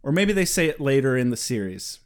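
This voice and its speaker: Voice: mid-range voice, big pitch swings, a little fast. A podcast co-host recapping a TV episode in casual chat, joking, swearing freely and laughing often.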